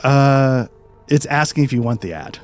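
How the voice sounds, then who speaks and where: A man running a tabletop role-playing game as game master, calmly describing scenes with frequent fillers. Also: mid-range voice, normal speed, faint music behind. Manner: calm descriptive narration with many fillers.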